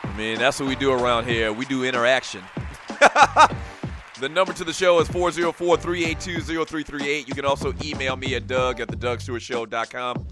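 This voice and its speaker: A man hosting a sports radio talk show, telling a loose, animated story with frequent plugs for the show. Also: medium pitch, fairly quick, over music.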